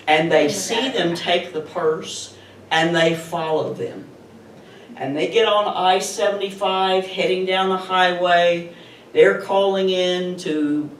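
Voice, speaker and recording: A middle-aged woman telling a personal story live to an audience, chatty and animated. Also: lowish voice. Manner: animated, chatty retelling with laughs. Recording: roomy, distant mic with faint noise.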